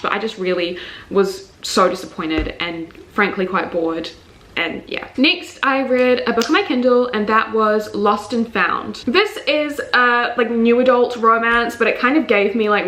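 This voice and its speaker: A young New Zealand woman reviews her monthly reads in a casual book vlog, speaking loosely and candidly with plenty of fillers and an occasional swear. Her voice is middle-pitched with a bright, forceful tone, and it rings a little in a roomy space.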